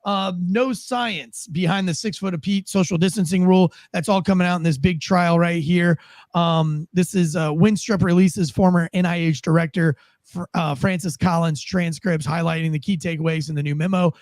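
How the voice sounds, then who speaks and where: A man's voice: sits high, steady tone, normal speed, darkish tone, no room sound. A man hosting a podcast, talking through the news in a casual, profane, rambling way. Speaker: podcast host. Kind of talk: casual political commentary.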